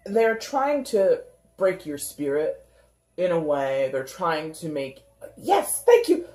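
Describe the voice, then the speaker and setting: A woman giving a casual, chatty tarot reading, animated and given to mimicking people in little put-on voices. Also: deep voice, slow pace, roomy sound. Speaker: tarot reader.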